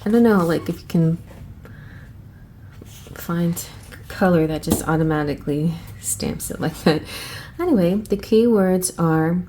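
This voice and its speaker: A woman hosting a casual flip-through review of an oracle deck, chatty and excitable, thinking aloud and restarting her sentences. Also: on the low side, measured pace, pauses often, a little hiss or hum. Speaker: tarot channel host.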